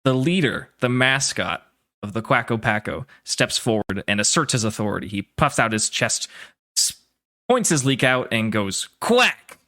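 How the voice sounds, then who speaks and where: A man's voice: medium pitch, normal speed, bright, forceful tone. A man narrating as game master of a tabletop game in a loose, laughing way, with many fillers.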